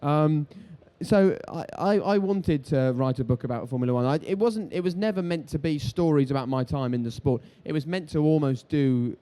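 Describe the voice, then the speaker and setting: A man, a TV presenter on a live stage telling animated stories and acting out the voices of people in them. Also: fairly high pitch. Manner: animated, quick, acts out voices in his stories. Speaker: TV sports presenter, interviewed guest. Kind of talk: lively anecdotal storytelling on stage. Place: live event stage before an audience.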